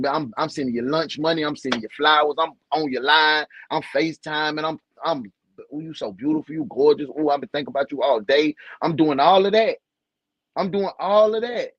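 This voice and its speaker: A man co-hosting a casual podcast, talking bluntly and profanely, jumping from loud outbursts to low mumbles. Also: breathy edge, no room sound, dull audio. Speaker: podcast co-host. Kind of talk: candid casual podcast chat.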